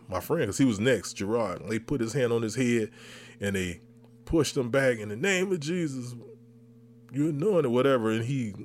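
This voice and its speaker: Animated male podcast storyteller. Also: fairly low pitch. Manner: animated, re-enacts his own reactions. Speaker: podcast host. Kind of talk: comedic storytelling.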